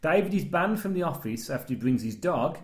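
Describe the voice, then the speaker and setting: Man, casual recap chat, animated storyteller, highish voice, echoey room. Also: brisk. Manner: animated storytelling, acts out lines.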